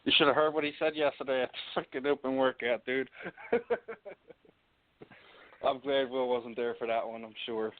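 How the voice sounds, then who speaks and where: A man's voice: mid-range voice, flat delivery, normal speed, pauses often. A man hosting a casual interview, rambling with many fillers and laughing easily. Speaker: podcast host. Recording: tinny phone-like line.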